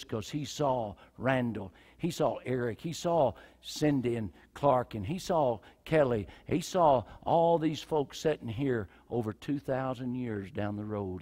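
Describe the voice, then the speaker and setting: A male pastor preaching a sermon in a church, his delivery swinging from loud cries down to near whispers. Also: medium pitch, a little slow, few pauses. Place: church sanctuary with a congregation. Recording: reverberant church hall.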